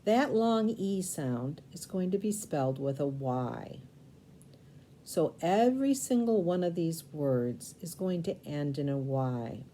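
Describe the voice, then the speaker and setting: A woman teaching a recorded spelling lesson, sounding out syllables slowly and spelling words letter by letter. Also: on the low side, animated, mellow, a little hiss or hum.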